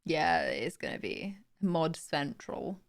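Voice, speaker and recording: A woman's voice: low-pitched, huge pitch swings, slow. A young woman hosting a livestream, chatting casually and answering viewers' questions with frequent laughs. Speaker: livestream host.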